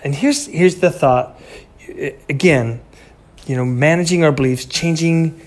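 A man's voice: on the high side, measured pace. A man in his fifties talking in a rambling, conversational monologue as a podcast host, full of fillers and restarts. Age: 50s. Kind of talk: casual motivational monologue.

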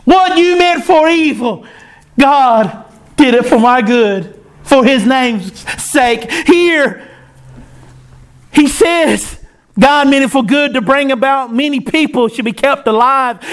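A man's voice: extremely high pitch, a bit bright. A man preaching a sermon, in an impassioned cadence that rises and falls.

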